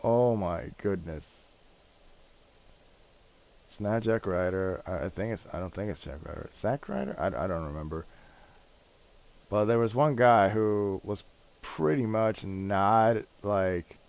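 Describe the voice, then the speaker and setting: Low-voiced rambling streamer man. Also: a little slow, vocal fry, pauses often. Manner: rambling, excitable storytelling with frequent swearing. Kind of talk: casual gaming stream chat.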